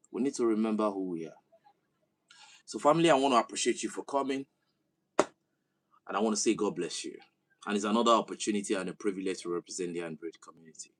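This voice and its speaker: Nigerian guy ranting about politics, husky voice, pitch swinging all over the place. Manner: passionate, rising into loud emphatic oratory. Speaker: political commentator. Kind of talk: impassioned monologue to camera.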